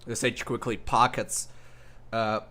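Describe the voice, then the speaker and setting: A male game master improvising scenes for a tabletop game, with a middle-pitched voice. He narrates loosely, full of ums and quick restarts. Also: little pitch movement, sharp tone. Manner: loose, filler-heavy with frequent ums.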